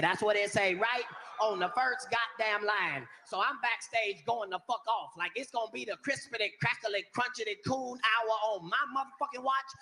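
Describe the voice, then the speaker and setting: High, bright-voiced stand-up comedian. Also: male voice, big-room sound. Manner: profane, animated storytelling.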